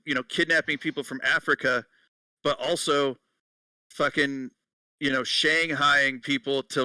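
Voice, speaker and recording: A man's voice: mid-range voice, no echo. Casual podcast co-host, male, swears and laughs a lot, dry mic sounding a bit distant. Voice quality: bright, laughing, profane. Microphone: headset.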